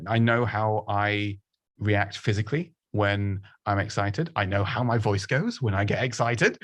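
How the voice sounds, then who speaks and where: Male coach, low-pitched, chatty and self-deprecating, dry close recording. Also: no echo. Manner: chatty, self-deprecating, lots of restarts and laughs. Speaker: presenting coach. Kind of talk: casual advice talk.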